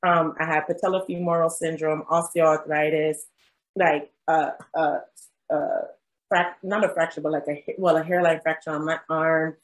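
A young woman physician tells her story in a relaxed interview, her voice sitting on the low side. She slips into acted-out quotes and laughs as she goes, chatty and animated. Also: normal speed, low-quality recording. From South Jersey. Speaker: guest, physician.

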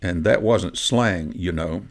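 A bold old rabbit gentleman from a bedtime storybook, read aloud by a man. He speaks firmly and is eager for adventure, with a low voice and a gravelly edge. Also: slow, exaggerated voice.

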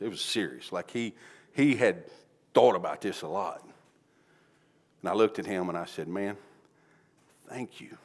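Folksy pastor preaching a sermon. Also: male voice, mid-range voice. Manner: folksy, swings from quiet pleading to loud exclaiming. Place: church sanctuary.

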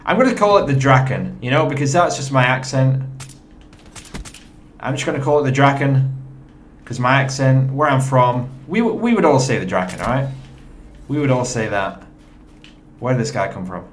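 A chatty young man talks his viewers through his gameplay, his pitch leaping up with excitement and dropping low when he is unsure. His speech is lively and conversational. A faint hiss sits under the desk mic. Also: normal speed, pauses often. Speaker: gaming commentator. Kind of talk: gameplay commentary.

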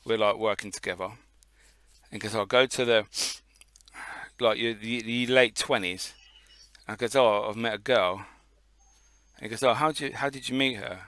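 A man's voice: lowish voice, normal speed, long pauses, fairly bright tone, no echo. A man co-hosting a casual podcast, telling a long story in a rambling way and swearing often. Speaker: podcast co-host.

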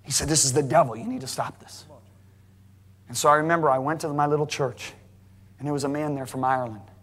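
A man preaching a sermon to a congregation, emphatic and rising to near shouting at high points. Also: fairly even intonation, quick pace. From United States. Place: large church hall. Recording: live sermon in a reverberant hall.

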